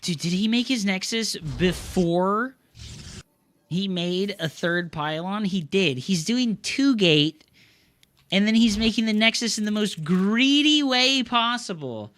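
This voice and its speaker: A man's voice: sits high, lively intonation, measured pace, a bit bright. A young man streaming live game commentary, ranting with frustration and cursing constantly in loose slangy gamer talk. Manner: frustrated ranting, heavy swearing.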